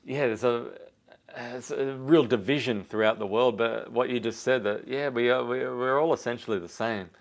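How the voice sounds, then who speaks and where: A man's voice: medium pitch, fairly even intonation, normal speed. A man hosting a casual interview, friendly and easygoing, laughing often. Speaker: podcast host.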